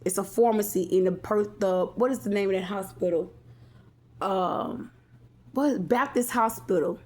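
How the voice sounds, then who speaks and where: Woman vlogger, casual storyteller, rambling with restarts and asides to her viewers, mid-pitched voice. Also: a little slow, darkish tone.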